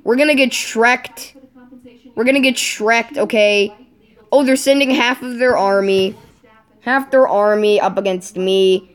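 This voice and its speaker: A woman's voice: fairly high pitch, measured pace, clear, resonant tone. A woman giving casual let's-play commentary, thinking aloud in a rambling way, with fillers and sudden exclamations. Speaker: gamer playing a strategy game.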